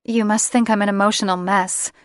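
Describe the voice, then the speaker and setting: A woman's voice: mid-range voice, fairly even intonation, a little fast, dry recording, studio quality, natural voice. A woman narrator voicing a distressed young siren woman who pleads and trembles with emotion in an audiobook. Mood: upset, pleading. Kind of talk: audiobook character reading.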